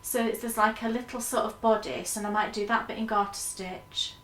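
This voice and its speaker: Brief: enthusiastic woman podcast host, casual rambling chat, slightly high voice. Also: steady tone, a little fast, fairly bright tone, echoey room, slight background noise.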